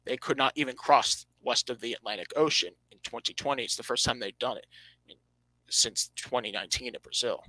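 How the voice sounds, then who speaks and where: Speaking fairly quickly in a mid-range voice, a man hosts a motorsport podcast, emphatically and animatedly going over standings and races. He often fixes his wording mid-sentence; the recording is dry with poor audio.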